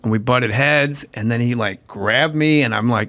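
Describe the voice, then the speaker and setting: A man with a gravelly, fry-tinged voice chats casually as a podcast guest. He tells animated stories, acting out what others said and laughing through his lines. His pitch sits in an ordinary middle range. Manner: animated storyteller acting out quotes; quick asides, laughs while talking. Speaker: guest actor.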